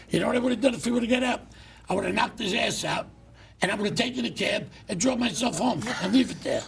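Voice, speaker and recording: A middle-aged man hosting a talk show, telling stories in a blunt, loud, animated rant. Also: sits high, quick pace, creaky, a little hiss or hum. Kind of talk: casual ranting monologue.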